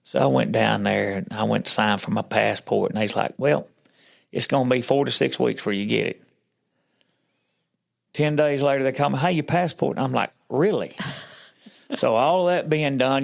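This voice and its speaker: Man, very gravelly voice, podcast guest, folksy storytelling, acts out others' lines. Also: medium pitch, fairly even intonation, moderate pace. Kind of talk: telling his faith story in casual chat.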